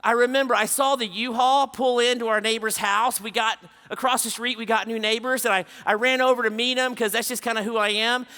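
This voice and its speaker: A man preaching to a conference crowd, telling stories in an animated way, acting out dialogue and dropping to a hush for somber moments. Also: very high voice, a little fast, hardly any pauses. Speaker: conference speaker. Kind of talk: storytelling sermon. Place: large conference stage.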